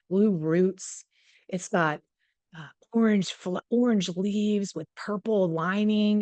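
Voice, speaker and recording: A woman host telling a story in a casual, animated way, chatty and prone to repeating herself. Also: medium pitch, no room sound.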